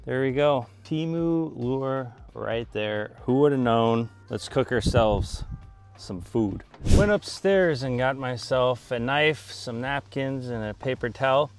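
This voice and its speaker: A man hosting a fishing channel, talking casually to the camera from a small boat and later from his dock, excitable when fishing and calmer and chatty when cooking. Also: mid-range voice, slow. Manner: excitable, yells and laughs when a fish bites; calm and chatty back at the dock. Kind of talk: casual vlog narration. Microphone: camera mic, later with a wind cover.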